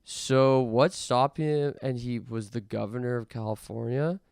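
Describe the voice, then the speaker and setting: A young man hosting a podcast, rambling through an absurd comic monologue in a deadpan way with mock rants. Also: medium pitch, moderate pace, creaky, few pauses, no room sound, clean studio sound. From Canada. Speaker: podcast host.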